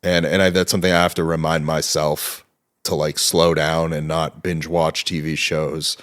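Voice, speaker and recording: A young man with a very deep, low voice, speaking as a guest in a relaxed interview. He tells his story with lively energy and swears freely along the way. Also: moderate pace. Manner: animated storytelling, heavy swearing. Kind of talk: casual interview talk.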